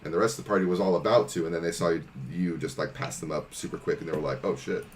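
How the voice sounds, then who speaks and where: A man narrating a tabletop game as game master, relaxed and hesitant with fillers. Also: deep voice, rapid-fire. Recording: noisy home recording.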